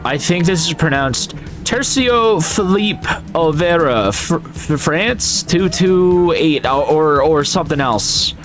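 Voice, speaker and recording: A man hosting a gaming video, chatting casually and jokingly as he plays, sometimes yelping loudly. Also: fairly high pitch, expressive, slow pace, faint music behind. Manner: upbeat and jokey, bursts into loud yelps. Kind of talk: casual gameplay commentary.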